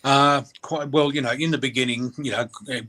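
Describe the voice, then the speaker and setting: A middle-aged man from Australia, a radio guest, telling a personal story in a halting, emotional way with many fillers. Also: medium pitch, steady tone, pushed and bright.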